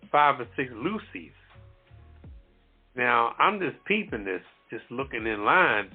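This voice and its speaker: A man co-hosting a talk show, telling a story in an animated, emphatic way and swearing freely. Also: medium pitch. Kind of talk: casual storytelling chat. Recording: phone-like lo-fi audio with faint music.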